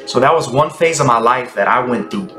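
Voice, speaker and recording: A man's voice: medium pitch, animated, fairly quick. Man, mid-range voice, ecstatic off-the-cuff spiritual musing with whispered asides; echoey room, music bed. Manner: rambling, ecstatic, drifting into hushed whispers. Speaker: Christian content creator. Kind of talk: spontaneous spiritual monologue.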